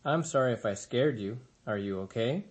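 A man voicing a calm, gentle female robot in a storybook reading, speaking in a polite, measured, friendly way. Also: medium pitch, noisy background, natural voice.

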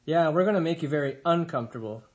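A man's voice: a little high, expressive, fast, muffled recording, voice pushed up, natural voice. A man voicing a whiny young male bear in a storybook reading, sulky and copying his sister.

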